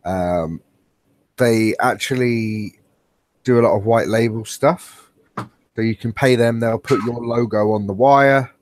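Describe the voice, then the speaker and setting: A man's voice: medium pitch, takes it slowly, dry recording. A man co-hosting a podcast, joking, laughing often and rambling through stories. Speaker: podcast co-host. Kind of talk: casual chat. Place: at home on an online call.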